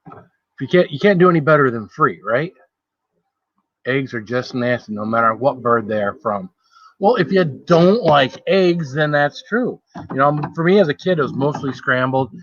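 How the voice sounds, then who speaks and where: A man's voice: mid-range voice, no room sound, lo-fi sound. Chatty man rambling through a live stream. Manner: rambling and chatty, greets viewers by name. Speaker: food challenge livestreamer. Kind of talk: casual live-stream chat while eating.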